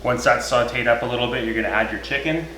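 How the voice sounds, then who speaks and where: A man hosting a home cooking show, walking through each step of a recipe in a relaxed, chatty way with frequent filler words. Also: medium pitch, fast talker, reverberant, background noise. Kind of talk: casual cooking demonstration. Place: home kitchen.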